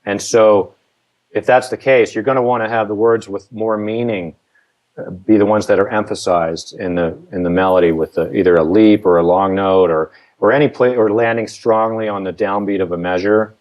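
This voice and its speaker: A man chatting casually about songwriting, relaxed and a little rambling. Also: lowish voice, normal speed, highs cut off. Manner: relaxed, rambling with restarts and fillers. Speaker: songwriting guest. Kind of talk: casual conversational advice.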